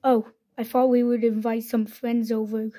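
A woman voicing characters in a homemade toy-figure play video, speaking haltingly with fillers and restarts. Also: a little high, flat delivery, warm tone. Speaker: creator voicing all the characters.

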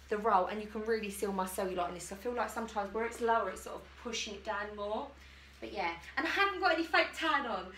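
For a chatty try-on haul vlog, a woman tests out swimwear while giggling and making fun of herself, her voice slightly high, pushed, and bright. A distant mic in an echoey room captures her from across the space, along with slight background noise.

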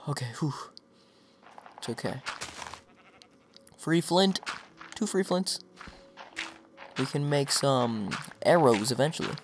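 A young man giving casual, self-mocking commentary over his own gameplay, chatting to viewers and breaking into excited outbursts at the game. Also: mid-range voice, slow, pauses often, noisy background. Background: background music.

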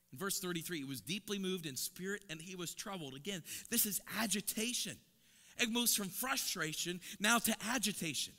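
A man preaching an impassioned sermon as an evangelist, repeating words and building to loud, emphatic peaks. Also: high-pitched. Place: church sanctuary. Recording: long church reverb.

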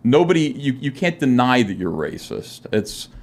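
A man's voice: mid-range voice, sing-song, moderate pace. A middle-aged man, a guest comic artist, telling his story in a podcast interview, rambling with many "uh" fillers and acting out quoted dialogue. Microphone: studio podcast microphone.

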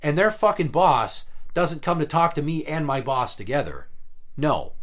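A man's voice: on the high side, very animated, moderate pace, fairly bright tone. A man in casual podcast chat, venting about an old job in a blunt, profane way, with heated emphasis. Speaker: podcast guest telling work stories.

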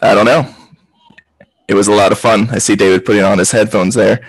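A man's voice: fairly low pitch, steady tone, fairly quick, slightly rough, no echo, poor audio. A man hosting a casual football chat over a video call, chatty and rambling. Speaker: podcast host.

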